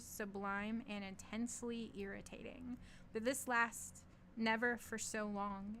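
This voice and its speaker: A woman's voice: on the high side, a bit bright, slight background noise. A woman reading a short story aloud, stumbling over foreign words and laughing at herself now and then. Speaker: reader of stories.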